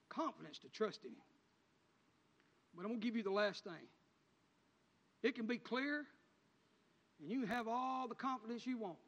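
A man preaching a sermon in a church, swelling into loud, fervent preaching with country turns of speech. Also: high-pitched. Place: church sanctuary. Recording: hall reverb, dull lo-fi sound.

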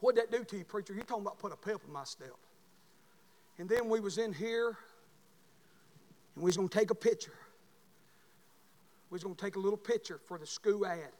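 A man preaching a sermon as pastor, telling folksy stories and building to shouted calls. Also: high voice, a little fast, pauses often. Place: church sanctuary. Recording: long hall reverb.

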